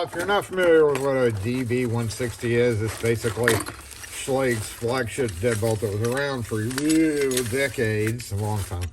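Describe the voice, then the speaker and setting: A man's voice: medium pitch, noisy background. A man talking as a locksmith in a casual product review vlog, rambling loosely with many fillers and restarts.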